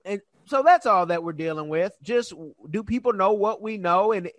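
A man hosting an interview, talking in an animated, chatty way and laughing easily. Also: sits high, moderate pace, no echo. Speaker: podcast host. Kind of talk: conversational interview.

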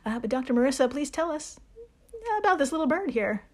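A woman's voice: sits high, lively intonation, a little fast. A woman hosting a casual podcast, playful, laughing often and swearing casually. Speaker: podcast host.

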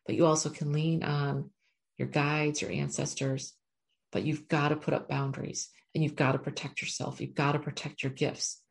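A woman's voice: deep voice, little pitch movement, normal speed, vocal fry. A woman working as a spiritual coach, giving an earnest, repetitive motivational talk to her viewers as she reads oracle cards. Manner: earnest, repetitive, often asks "right?".

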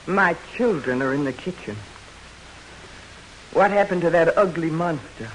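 A woman's voice: low-pitched, lively intonation, a little slow, slight background noise, low-quality recording. An actress playing a blunt, protective frontier widow and mother in an old radio drama. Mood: defiant. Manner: blunt, threatening and commanding. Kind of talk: 1940s radio acting.

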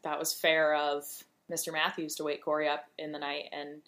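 A woman's voice: sits low, completely flat delivery, moderate pace, fairly bright tone. A young woman co-hosting a podcast, chatting casually and agreeably with many affirmations. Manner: agreeable, frequent affirming backchannels. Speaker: podcast co-host. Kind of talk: casual chat.

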